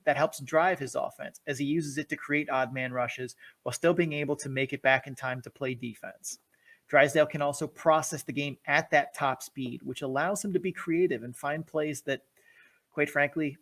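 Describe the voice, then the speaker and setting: Higher-voiced man, upbeat podcast co-host. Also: brisk, fairly bright tone. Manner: reads prepared notes with eager enthusiasm. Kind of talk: hockey analysis podcast.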